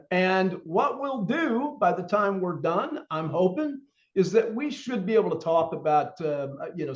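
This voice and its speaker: A man with a somewhat high voice leads a training session, talking loosely and filling his pauses with ums and uhs. The audio is dull and lo-fi, as over a web call. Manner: conversational, many fillers, reads through objectives.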